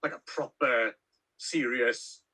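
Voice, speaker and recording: A man's voice: medium pitch, fairly even intonation, slow pace, sharp tone. A man co-hosting a casual film review podcast, rambling with lots of ums and restarts. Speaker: podcast co-host.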